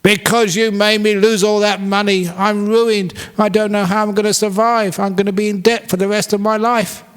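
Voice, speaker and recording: A man voicing a poor, foolish, excitable male farmer in a told story, raising his voice high to plead or bark. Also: moderate pace, natural voice. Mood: distraught. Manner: high, pleading and fussy, or loud and shouting.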